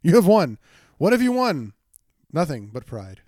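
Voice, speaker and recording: A man's voice: on the high side, wildly swooping pitch, a little slow, darkish tone, dry recording, studio quality. A young man co-hosting a casual sports podcast, jokey and hyped, repeating phrases for effect. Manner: jokey, hype-driven, repeats himself. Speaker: podcast co-host.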